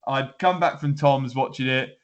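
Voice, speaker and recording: A man's voice: mid-range voice, normal speed, muffled recording. Rambling, laughing man. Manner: rambling, laughing, many restarts. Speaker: podcast co-host. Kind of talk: casual chat.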